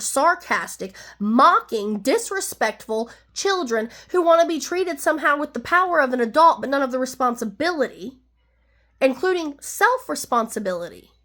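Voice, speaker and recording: Brief: woman vlogger, high voice, heated and rambling personal rant. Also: fairly bright tone. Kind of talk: ranting personal monologue.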